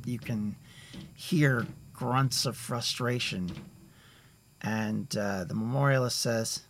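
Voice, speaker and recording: A man narrating a tabletop game as game master, rambling and halting as he searches for words. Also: mid-range voice, fairly bright tone. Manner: rambling, halting, many fillers and restarts.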